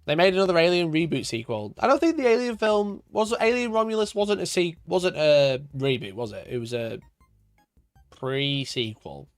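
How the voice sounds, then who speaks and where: A man's voice: on the high side, lively intonation, moderate pace, dry recording, studio quality, soft background music. A man from Sheffield with a Yorkshire accent, chatting casually on a live stream, swearing and laughing often as he rants. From Sheffield, Yorkshire, England. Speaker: wargaming streamer.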